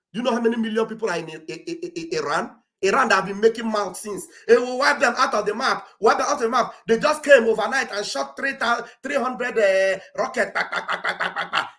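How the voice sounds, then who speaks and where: On a livestream, a Nigerian commentator with a booming, high-register voice rallies listeners in English mixed with Pidgin. Loud and preachy, he pushes his exhortations to a shout like a preacher at a pulpit, in an impassioned address recorded on a streaming setup mic.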